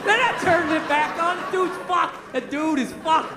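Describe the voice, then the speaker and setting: High-pitched ranting stand-up comedian. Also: male voice, fairly even intonation, moderate pace. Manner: profane, exasperated ranting. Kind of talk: stand-up rant. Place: comedy club stage. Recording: echoey club with crowd and noise.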